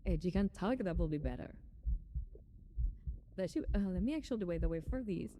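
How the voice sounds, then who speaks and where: A woman's voice: lowish voice, animated, moderate pace, mellow, slight background noise. A young woman live-streaming, chatting casually with her viewers, greeting them and giggling often.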